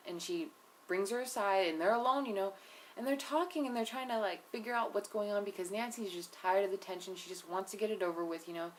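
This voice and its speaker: A woman's voice: mid-range voice, fast, a little hiss or hum. A young woman giving a casual, opinionated recap of a reality show episode, profane and full of "like" and "you know". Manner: blunt, opinionated asides. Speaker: TV episode reviewer.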